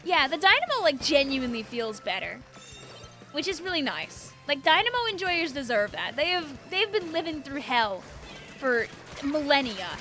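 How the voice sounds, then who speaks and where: Young woman streamer, chatty and excitable. Bright, sharp voice with faint game music under it. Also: sits high. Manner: chatty and excitable, many fillers and quick reactions. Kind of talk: live gameplay commentary.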